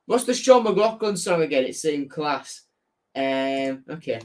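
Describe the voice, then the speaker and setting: A man's voice: a little high, lively intonation, unhurried, darkish tone, slight background noise. A young man with a Hull accent hosting a casual football live stream, chatting and reading out viewer messages. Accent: Hull, Yorkshire. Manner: chatty, reads out chat messages, self-correcting. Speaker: football fan channel host.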